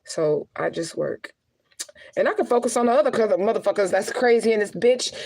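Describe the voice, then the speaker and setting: A woman's voice: medium pitch, expressive, a little fast, gravelly, darkish tone, no room sound. A woman talking casually to her viewers in a blunt, profane, chatty way, often laughing between heavier remarks. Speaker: spiritual adviser and vlogger.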